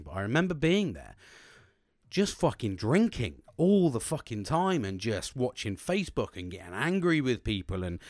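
A man, speaking in a candid personal monologue, halting and repeating words, swearing often. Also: medium pitch, no room sound, studio quality. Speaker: vlogger.

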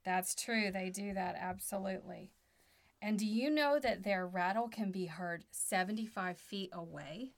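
Mother gently quizzing her child. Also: medium pitch, a little slow. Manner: gently quizzing, asking simple questions. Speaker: podcast co-host and mother. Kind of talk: casual podcast chat with her child. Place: playroom at home.

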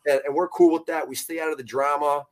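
A man's voice: a little high, steady tone, fast talker. A man who founded a fishing tournament trail, chatting casually on a podcast in a rambling way. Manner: rambling, many fillers and restarts.

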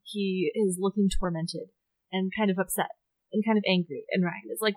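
A woman co-hosting a podcast, recapping a story in animated casual chat, acting out quotes and laughing. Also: mid-range voice, moderate pace, dry recording, poor audio. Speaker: podcast co-host.

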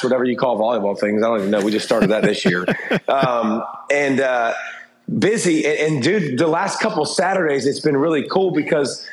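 A middle-aged man talking candidly as an interview guest, rambling with restarts and fillers. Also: mid-range voice. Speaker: interview guest, former TV football analyst. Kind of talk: casual interview talk. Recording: roomy echo.

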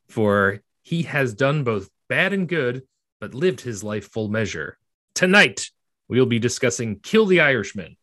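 A man's voice: medium pitch, fairly bright tone. A man hosting a casual podcast, upbeat and jokey, with loose restarts as he talks. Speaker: podcast host.

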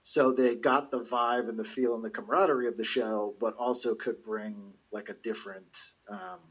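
A man co-hosting a casual chat, calmly explaining details and trivia. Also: mid-range voice, normal speed, husky, muffled recording.

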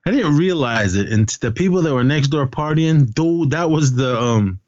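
A man's voice: a little high, expressive, moderate pace, a little mellow, dry recording, muffled recording. A man co-hosting a casual film podcast, retelling a story in a rambling way with many fillers. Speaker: podcast co-host.

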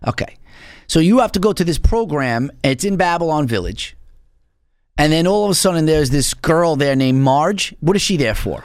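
A middle-aged man hosting an interview, pressing his guest with teasing, rapid-fire questions. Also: a little high, expressive, no room sound, studio quality. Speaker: host. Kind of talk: casual interview.

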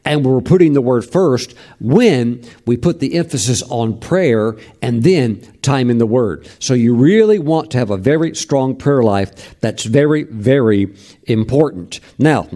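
Guy preaching a sermon, mellow warm tone, emphatic but chatty. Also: mid-range voice. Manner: teaching from scripture, emphatic and conversational. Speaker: pastor.

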